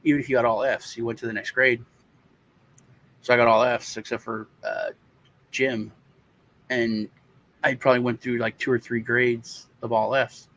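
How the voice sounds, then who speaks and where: Brief: American man, mid-pitched voice, rambling casual storyteller, lots of restarts. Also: level tone, a bit bright, low-quality recording. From United States. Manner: rambling, halting storyteller with many restarts and fillers. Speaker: co-host telling a childhood story. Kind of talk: casual chat.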